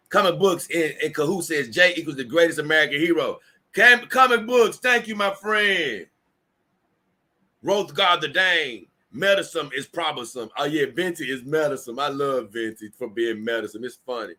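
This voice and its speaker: A man's voice: a little high, pushed and bright. A tired man hosting a casual livestream, reading viewer comments aloud and rambling with many restarts. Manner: rambling, repeats himself and restarts often. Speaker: livestream host.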